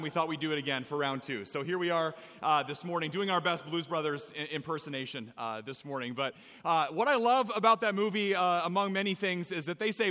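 A male pastor preaching a sermon on a church stage, energetic and playful, with emphatic calls to the congregation. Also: a little high, a little fast, hardly any pauses, some chatter behind. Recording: long reverb of a large hall.

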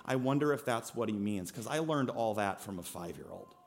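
A man in his thirties preaching a sermon, telling a lively personal story and then speaking quietly and earnestly. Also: fairly low pitch, brisk. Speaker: pastor.

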